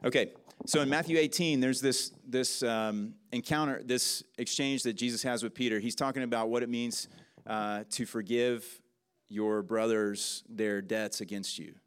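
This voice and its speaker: A man preaching a sermon in a relaxed, conversational way, with frequent restarts and asides. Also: mid-range voice, normal speed, clean tone. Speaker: pastor.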